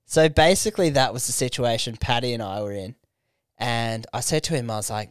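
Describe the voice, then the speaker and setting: Australian young guy, comedian on a podcast, spinning a sweary story with the quotes acted out, and his voice sounds smooth and dry, like it's close to the mic. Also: medium pitch, fairly quick, no room sound. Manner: animated, swears a lot, acts out quotes. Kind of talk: casual storytelling chat. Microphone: studio microphone.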